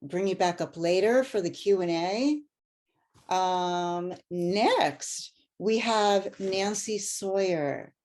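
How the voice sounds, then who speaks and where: A woman's voice: mid-range voice, slow, a little mellow. A woman hosting an online conference panel, effusive and gushing as she thanks and introduces speakers. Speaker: conference host.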